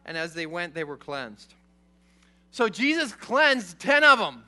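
With a high voice and no sense of hurry, a man preaches an informal Bible lesson, first reading a passage, then explaining it. He keeps things animated and conversational and checks in with his listeners often.

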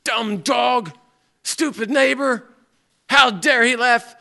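A man's voice: medium pitch, unhurried, bright, forceful tone, voice pushed down. A man playing a churchgoing man who hides his anger behind forced kindness, jumping between seething lines and sugary politeness. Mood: furious. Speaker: character acted out in a Bible talk.

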